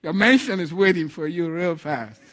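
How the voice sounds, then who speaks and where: A man with a high, bright-edged voice preaches with fervent conviction to his congregation. He swings between loud declarations and soft chuckling asides. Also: moderate pace. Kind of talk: sermon.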